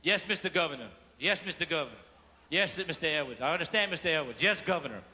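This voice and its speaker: A man's voice: a little high, expressive, quick pace, bright, forceful tone, pitched below the performer's own voice. Man playing a deferential cajun mayor. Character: laid-back small-town mayor on the phone. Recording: theater reverb, live hall.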